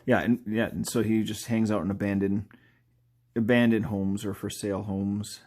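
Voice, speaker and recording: A man's voice: lowish voice, steady tone, normal speed, a little mellow. A man talking casually while he draws live, rambling and thinking aloud, laughing at his own jokes and often trailing off mid-thought. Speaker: artist drawing live. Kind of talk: casual live-drawing commentary.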